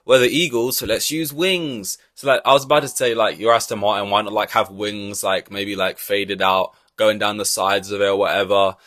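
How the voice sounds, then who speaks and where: A man's voice: lowish voice, fairly even intonation, fairly quick, few pauses, a bit bright, no room sound. A man hosting a podcast, giving blunt, profane opinions in a rambling, casual way. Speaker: podcast host. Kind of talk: casual ranting podcast chat.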